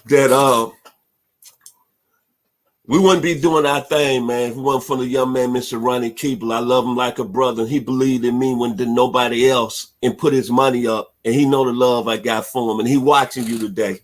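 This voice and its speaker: A man from Memphis, Tennessee, hosting sports talk radio, giving heartfelt shout-outs. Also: mid-range voice, fairly even intonation, moderate pace. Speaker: host.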